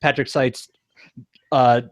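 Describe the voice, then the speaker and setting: A man's voice: medium pitch, level tone, slow, no room sound. A man co-hosting a podcast in casual chat, rambling with lots of fillers and restarts. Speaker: podcast co-host.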